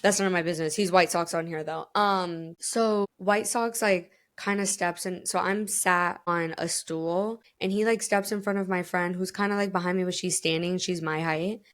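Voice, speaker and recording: A woman's voice: fairly low pitch, steady tone, moderate pace, hardly any pauses. A woman hosting a podcast, talking in a casual chat style and telling rambling, candid stories with plenty of swearing and laughter. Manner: candid, profane, rambling storytelling with frequent laughter. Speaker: podcast host.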